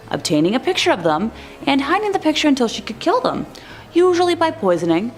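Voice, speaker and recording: Woman, horror story narrator, casual scripted delivery, wry asides, animated pitch, faint background noise. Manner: chatty asides and wry jokes.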